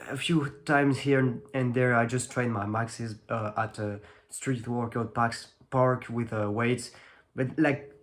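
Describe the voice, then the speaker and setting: A teenage man with a French accent, a native French speaker, talking casually to the camera about his training, rambling with many fillers and restarts. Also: mid-range voice. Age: teens. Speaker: fitness vlogger.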